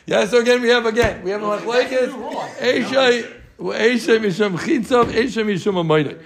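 High-voiced man teaching a Talmud class. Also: moderate pace, gravelly, crowd noise. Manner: explains with Yiddish-inflected Yeshivish terms, quizzes students.

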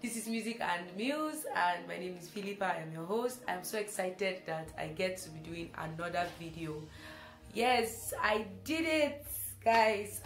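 A young woman from Africa hosting a casual spoken reflection, chatty and animated, repeating phrases for emphasis. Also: lowish voice, roomy sound. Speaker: host.

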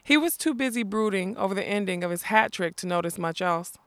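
Woman reading a novel aloud; smooth with some fry, dry close mic. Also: medium pitch, a little fast, no room sound. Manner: informal, relaxed delivery. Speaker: book club reader.

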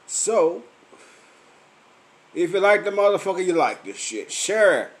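A man's voice: big pitch swings, slow pace. A tipsy man, rambling and cursing freely as he hosts a late-night live chat from home. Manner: profane, loose and boisterous, swings from low mumbles to loud outbursts. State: tipsy from drinking. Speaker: podcast and Facebook live host.

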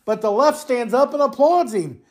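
Angry political rant, host from the United States, heavy swearing, stumbling repetitions, mid-pitched voice. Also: animated, normal speed. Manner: angry, profane, heated ranting; repeats and restarts words when worked up. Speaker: podcast host.

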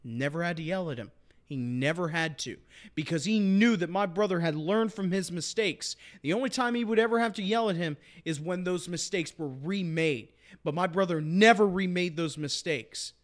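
A young man with a somewhat high voice hosting a casual sports podcast. He talks with conviction, repeating lines for emphasis and pressing each argument hard. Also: normal speed. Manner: impassioned, emphatic, repeats points.

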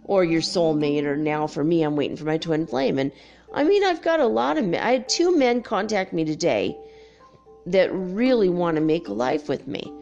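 Middle-aged woman vlogger, raspy fry in her voice, loose and profane, animated storyteller. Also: fairly low pitch, normal speed, lo-fi sound, faint music behind. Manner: chatty, swears freely, animated storytelling. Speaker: spiritual vlogger. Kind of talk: casual chat.

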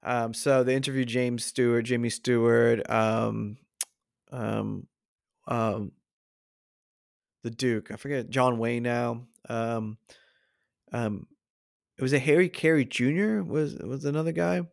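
Man, podcast co-host, gravelly, rambling, lots of ums, dry sound. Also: mid-range voice, steady tone, slow pace, long pauses, no echo. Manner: acts out movie quotes in shifting voices, rambling with fillers. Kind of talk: casual chat about movies.

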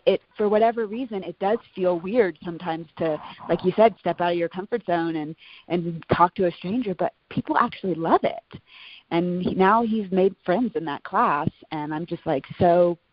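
A woman's voice: on the low side, dry recording, muffled recording. A woman in her thirties, a podcast guest, talking in a heartfelt, chatty way with many "you know"s. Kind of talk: casual interview chat.

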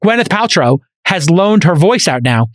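A man hosts a podcast in loose conversation and tells his stories with energy, full of asides and restarts. His voice sits fairly high for a man. The studio sound is close and dry, with no room around it. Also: dry recording. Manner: animated storyteller, quick asides and restarts. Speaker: podcast host. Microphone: studio microphone.

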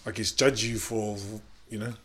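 Male interviewer, casual and hesitant, gently prompting his guest. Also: on the low side, fairly even intonation, moderate pace, a little hiss or hum.

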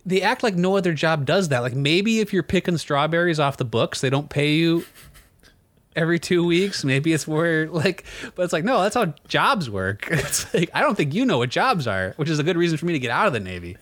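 A man's voice: a little high, sing-song, fairly quick, fairly bright tone, dry recording. A man in his twenties hosting a podcast, wry and rambling as he talks. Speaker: podcast host. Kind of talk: casual podcast chat.

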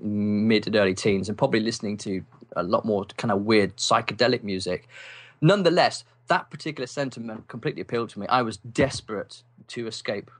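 An English man, a writer and podcast guest, telling wry stories from his youth in a relaxed interview, with lots of ums. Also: on the low side, brisk. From England. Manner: animated, wry storyteller with many ums and laughs. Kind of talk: casual storytelling interview.

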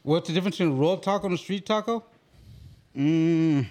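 A man's voice: a little high, fairly quick, darkish tone. A man guesting on a podcast, telling stories with lots of laughter, cursing and mixing in bits of Spanish. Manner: laughing, profane, mixes in Spanish phrases. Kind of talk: casual chat, storytelling.

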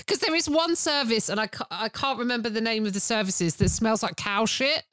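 A woman's voice: fairly high pitch, a little fast, hardly any pauses, fairly bright tone, dry recording. A woman in casual podcast chat, blunt and sweary, often laughing.

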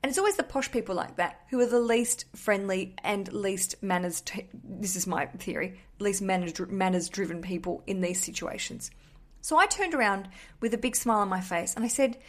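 A woman with an Australian accent hosts a podcast in a relaxed, storytelling monologue. She talks in a chatty, candid way and swears casually as she goes. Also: medium pitch, moderate pace. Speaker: podcast host.

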